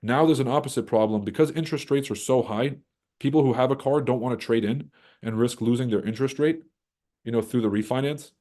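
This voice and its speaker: A man's voice: medium pitch, a little fast. A man hosting a trading livestream, ranting casually and with lots of swearing, and now and then mocking others in put-on voices. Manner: profane, animated, mocks others in put-on voices. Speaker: livestream host.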